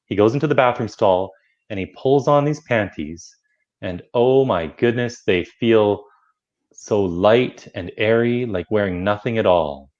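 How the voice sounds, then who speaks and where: A man with a fairly low voice earnestly recounting a story as a talk-show guest. His audio is dull and lo-fi, as though coming in over a remote connection. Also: a little slow, darkish tone. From Canada. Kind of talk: casual talk-show chat.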